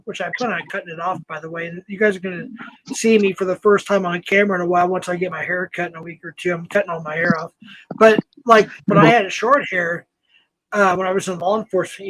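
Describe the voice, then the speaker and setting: A man's voice: high voice, fairly bright tone, low-quality recording. A man in his fifties hosting a live stream, chatting in a rambling way and talking straight to his viewers. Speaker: host. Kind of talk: casual live-stream chat.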